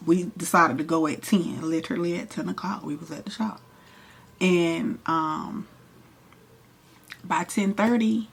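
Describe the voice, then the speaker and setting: A young woman, casually telling a profane, animated story while doing her makeup. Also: fairly low pitch, a little hiss or hum. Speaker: hairstylist and vlogger.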